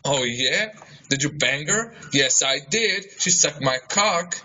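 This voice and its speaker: A man's voice: a little high, animated, slow pace, bright, forceful tone, heavily acted. A man playing a skeptical friend who mocks and teases, in an amateur film. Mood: mocking. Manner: sarcastic, teasing. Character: skeptical young male friend, mocking. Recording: dull, noisy amateur audio.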